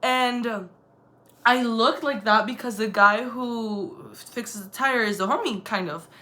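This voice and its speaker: A bright, high-voiced young woman, telling a story in a casual vlog. She talks in an animated, dramatic way, swears freely, and acts out the tense parts. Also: a little slow. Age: young adult. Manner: animated, profane, dramatic retelling. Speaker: vlogger.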